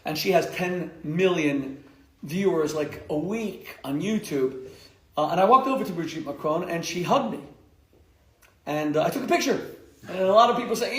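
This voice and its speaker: Man, rabbi lecturing live. Emphatic and wisecracking, voice a bit high, recorded in a reverberant hall. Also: expressive, moderate pace. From United States. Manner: emphatic and jokey, mocking nicknames, laughing at his own jokes. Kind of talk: live lecture to a community audience.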